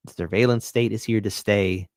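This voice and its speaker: A man's voice: on the low side, fairly even intonation, normal speed, no echo, clean studio sound. A man hosting a casual solo commentary show, speaking earnestly and repeating phrases for emphasis. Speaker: host.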